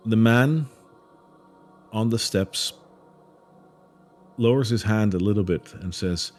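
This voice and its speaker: A man narrating a tabletop game as game master, calm and measured. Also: lowish voice, soft background music.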